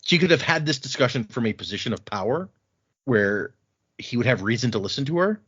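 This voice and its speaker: A man talks through a book chapter on a casual podcast, his pitch bouncing all over as he recaps scenes and tosses in quick voices for the characters. The audio is a little dull and lo-fi. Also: sing-song, a bit bright, slightly rough. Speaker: podcast host.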